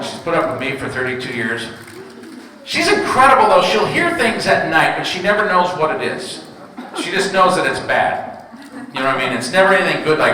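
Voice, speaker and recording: A man's voice: high voice, expressive, fairly quick, sharp tone, a little hiss or hum. A man in his fifties doing stand-up comedy, telling stories about home life and talking with the audience. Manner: storytelling, crowd work with audience. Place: large hall with audience. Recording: echoey hall from far off.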